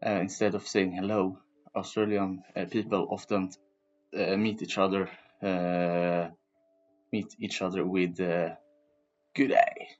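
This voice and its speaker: Hesitant deep-voiced young man presenting. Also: little pitch movement, dull audio, faint music behind. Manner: hesitant, many filler pauses. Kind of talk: reading a school presentation.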